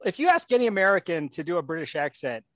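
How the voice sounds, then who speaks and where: A man playing at a tabletop game, making wry, quick asides. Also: a little high, big pitch swings, fairly bright tone, dry recording. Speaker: player. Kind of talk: casual chat at a game table.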